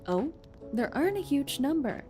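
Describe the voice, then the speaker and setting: A woman's voice: high voice, sing-song, moderate pace, dark tone, faint music behind. A woman streamer chatting playfully and reading game text aloud during a gameplay stream. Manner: playful and giggly, jokes around.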